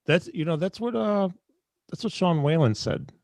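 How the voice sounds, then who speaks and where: A man's voice: sits high, animated, normal speed, a little mellow, no echo. Enthusiastic male host, dry sound. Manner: chatty, enthusiastic, lots of backchannel. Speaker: interview host. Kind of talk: casual interview conversation. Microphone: video call.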